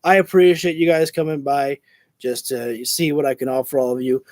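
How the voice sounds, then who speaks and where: A man doing live watch-along commentary of a wrestling show, excitable, shouting and cursing at the action, sometimes tripping over his words. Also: mid-range voice, moderate pace, no echo. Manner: rambling, stumbles over words.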